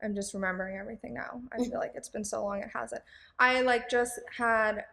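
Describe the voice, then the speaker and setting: A young woman on a podcast tells a personal story in a casual, rambling way, full of fillers and restarts. Her voice sits slightly high, and she sounds candid and emotional, close to tears. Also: steady tone, fairly quick, creaky, pushed and bright, long reverb tail. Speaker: podcast guest.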